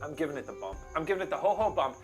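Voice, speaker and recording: A tipsy man with a slightly high, lively voice who reads spooky stories and drops teasing jokes between lines. Music plays softly behind him. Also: racing. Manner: joking, teasing, dry asides. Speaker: co-host reading viewer stories. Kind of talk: casual banter, reading stories aloud. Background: background music.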